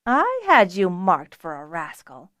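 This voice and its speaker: A woman voicing a brisk, no-nonsense housekeeper with a dry, fond manner. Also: lowish voice, wildly swooping pitch, fairly bright tone, no echo, heavily acted.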